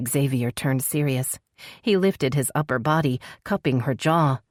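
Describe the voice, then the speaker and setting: Low-voiced woman narrating romance. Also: moderate pace, no room sound, studio quality. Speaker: audiobook narrator.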